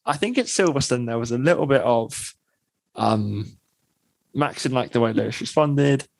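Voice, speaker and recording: A man's voice: medium pitch, moderate pace, vocal fry, no echo, poor audio. A man co-hosting a podcast in casual chat, talking things through in thoughtful, longer runs. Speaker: podcast co-host.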